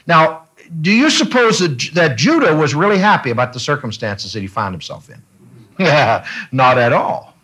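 A man leading a Bible study class, talking in an animated way and often repeating himself with fillers. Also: medium pitch, moderate pace, breathy edge.

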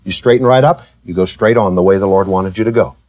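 A man preaching a sermon, teasing and questioning his listeners, with slow, emphatic delivery that rises and falls. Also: deep voice. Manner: animated, teasing, asks the congregation questions.

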